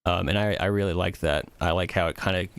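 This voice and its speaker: A man's voice: low-pitched, fairly even intonation, quick pace, clean tone, no echo. A man chatting casually on a music livestream, rambling and thinking aloud with many fillers. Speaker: music streamer.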